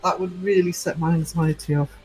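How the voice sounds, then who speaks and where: Husky-voiced man chatting on a livestream. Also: a little high, fairly even intonation, fairly quick, a little mellow, soft background music, low-quality recording. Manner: rambling, chatty storytelling. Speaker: livestream host. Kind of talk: casual chat with live chat.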